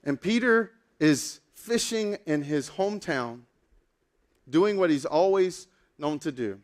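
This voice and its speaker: Male pastor, casual sermon storyteller with lots of "like"s. Voice sits a bit high. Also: slow. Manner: animated storytelling, casual with many fillers.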